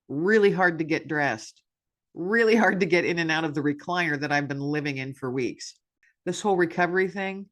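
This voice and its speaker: Brief: woman podcast host, candid self-deprecating monologue, bright forward tone. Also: sits low. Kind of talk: personal reflection monologue.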